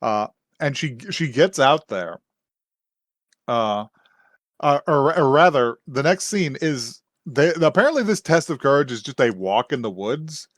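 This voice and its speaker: A man's voice: medium pitch, very animated, unhurried, fairly bright tone, no room sound, clean studio sound. A man co-hosting a podcast, casually recapping an anime episode, laughing often and acting out quotes with lots of fillers. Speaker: podcast co-host.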